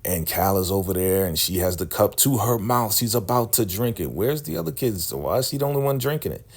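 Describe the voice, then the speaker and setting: A young man with a lowish voice recaps a TV episode in a loose, chatty way. He is animated and talks straight to his audience as family. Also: fairly quick. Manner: animated, calls the audience family, acts out quotes. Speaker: TV recap YouTuber.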